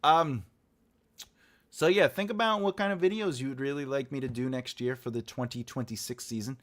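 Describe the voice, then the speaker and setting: A man's voice: mid-range voice, moderate pace. A man hosting a live writing stream, chatting loosely with his viewers, rambling and laughing, often acting out what other people say. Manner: rambling, animated, laughs often, acts out quotes. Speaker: writing teacher and show host.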